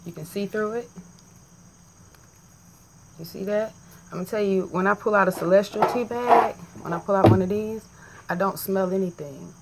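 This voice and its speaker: A woman vlogging in a casual, animated and profane way, joking as she compares tea bags to camera. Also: mid-range voice, normal speed, long pauses, very noisy. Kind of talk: casual chat.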